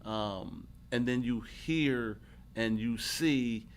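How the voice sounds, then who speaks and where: A middle-aged man who played pro basketball and now coaches shares life stories in a laid-back, conversational interview, sprinkling in "man" and "you know what I mean." He speaks at a medium pitch and extremely slowly, with slight background noise.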